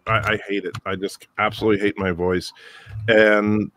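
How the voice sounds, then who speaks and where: A man's voice: lowish voice, little pitch movement, normal speed, fairly bright tone, no room sound, studio quality. A man hosting a casual group chat, talkative and jokey, often restarting his sentences. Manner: chatty, self-interrupting, jokey. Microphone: studio microphone.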